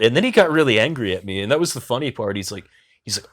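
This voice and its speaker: A low-pitched young man tells a long story as a podcast guest. He rambles along with lots of fillers and casual swearing, in a relaxed, unscripted way. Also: fast talker. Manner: rambling, filler-heavy, profane.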